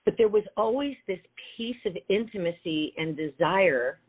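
Female host, lowish husky voice, reflective and affirming; phone-quality audio. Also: animated, normal speed. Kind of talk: casual podcast chat. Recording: tinny phone-like line.

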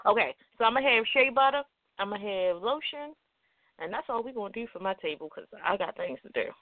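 A woman's voice: a little high, no echo. A woman in her thirties hosting her own radio show in a chatty, playful way, teasing herself as she runs through event plans. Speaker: radio host. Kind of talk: casual radio chat. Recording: dry, tinny phone-like sound.

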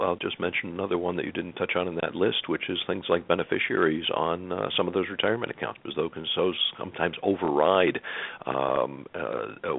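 A man hosting a finance radio show, chatting with a guest in a conversational way with many fillers and quick affirmations. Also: low voice, creaky. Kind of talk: radio interview. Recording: tinny phone-like radio audio.

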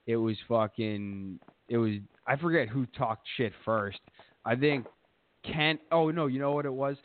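A man's voice: lowish voice, no room sound. A man hosting a podcast, telling a rambling, profane story in a boastful casual way. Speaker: podcast host. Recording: tinny phone-like dry sound.

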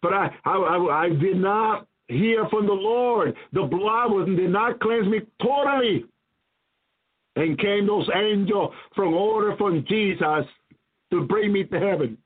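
A man with a strikingly high voice preaches a sermon testimony that turns into prayer. He pleads with fervour and repeats phrases again and again. The sound is thin and tinny, like a phone line. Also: measured pace, slightly rough. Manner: fervent, repetitive pleading.

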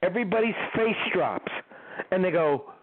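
An older man, a guest musician, telling tour stories in an interview in an animated, laughing way. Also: sits high, moderate pace. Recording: tinny phone-like line.

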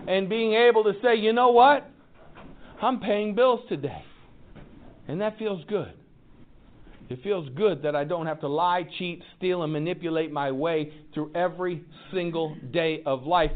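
A man's voice: sits high, moderate pace. A man hosting a recovery group, giving an impassioned, preacherly motivational talk. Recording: tinny phone-like sound.

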